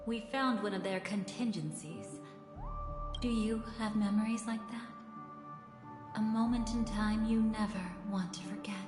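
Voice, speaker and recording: An actress playing an enigmatic, teasing woman who speaks in a smooth, measured, mysterious way, recorded as game voice acting. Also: medium pitch, close to an everyday voice. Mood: cryptic. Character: enigmatic, teasing woman with a cryptic, knowing air. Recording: reverberant game audio with music.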